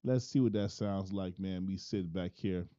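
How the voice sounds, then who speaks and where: A man casually testing his microphone setup, thinking out loud and often ending lines with "man". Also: deep voice, normal speed, dry recording, muffled recording. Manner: laid-back, thinking aloud, often tags lines with "man". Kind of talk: casual mic-check talk.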